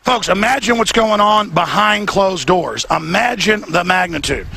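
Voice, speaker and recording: Gravelly, forceful man ranting outdoors. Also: sits high, a little hiss or hum. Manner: fervent, rapid, repetitive ranting. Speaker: host. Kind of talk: heated on-location commentary. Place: outdoors outside an event venue.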